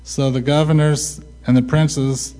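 A man preaching a sermon, asking rhetorical questions and answering them himself with a slow, deliberate delivery. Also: on the high side, little pitch movement, warm tone, soft background music. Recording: long hall reverb.

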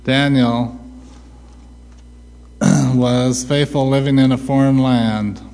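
A man preaching a sermon, asking rhetorical questions and answering them himself with a slow, deliberate delivery. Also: mid-range voice, level tone, a little mellow. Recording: long hall reverb.

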